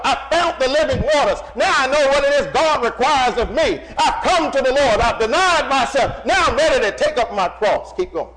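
A male preacher delivers a lively sermon in a high, sweeping voice. He calls out to his congregation and repeats phrases for emphasis. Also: moderate pace, few pauses, poor audio. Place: church.

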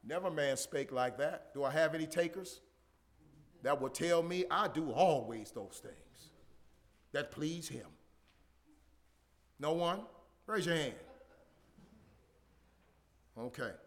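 A man preaching a sermon to a congregation, asking rhetorical questions and building up to shouts. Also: on the high side, slow, pauses often. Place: church.

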